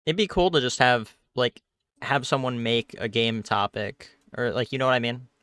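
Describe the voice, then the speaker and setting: A man's voice: mid-range voice, normal speed, a bit bright, dry recording. A young man casually commenting on the game he is playing, rambling with lots of asides and fillers to his chat. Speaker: gaming streamer.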